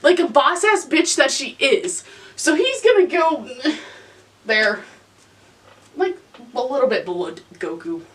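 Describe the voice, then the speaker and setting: Young woman host, exasperated casual rant, high and lively, recorded from a distance. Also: measured pace, pauses often. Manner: animated, exasperated, swears freely. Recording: voice from some distance to the mic.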